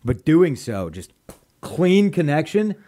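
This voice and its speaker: A man's voice: fairly high pitch, sing-song, takes it slowly, mellow. A young man, a comedian guest on a podcast, telling a rambling, profane story in casual chat. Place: podcast studio.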